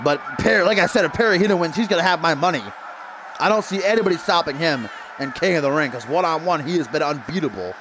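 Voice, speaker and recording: A man doing excitable play-by-play for a wrestling video game stream, laughing at the action and reading viewer tweets. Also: on the high side, quick pace, background noise.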